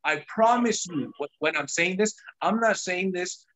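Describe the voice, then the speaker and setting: A man's voice: high-pitched, a little slow, sharp tone. A man hosting a sales team call, telling his own story in an emphatic, pushy, repetitive way. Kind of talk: motivational sales talk on a call.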